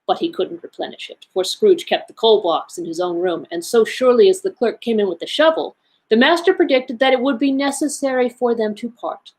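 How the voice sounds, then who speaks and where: A woman, a library associate, giving an expressive, measured read-aloud of a classic story. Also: a little high, poor audio.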